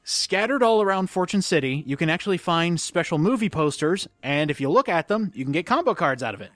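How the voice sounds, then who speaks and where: A man's voice: on the high side, expressive, a little fast, a bit bright, no echo. A young man giving chatty, jokey let's play commentary. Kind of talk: casual gameplay commentary.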